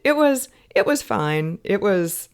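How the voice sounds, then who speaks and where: A co-host of a movie review podcast chatting casually, with a brisk, wry and teasing manner. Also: medium pitch, very animated, smooth. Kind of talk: casual film review chat.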